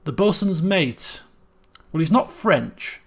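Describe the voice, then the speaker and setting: A man with a rather high, expressive voice talks slowly while streaming a puzzle game. Thinking out loud in casual gameplay commentary, he mutters guesses and keeps restarting his sentences.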